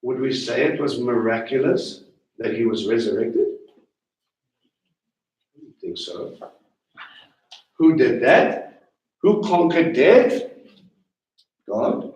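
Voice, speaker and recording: A man giving sermon-style teaching in an animated, questioning way, slowing down on the words he wants to land. His voice sits at a medium pitch. It is heard from a distance in a roomy, echoing hall. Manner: animated, questioning, slows to stress key words. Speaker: teacher leading a Passover Seder. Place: congregation hall. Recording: echoey room, voice from a distance.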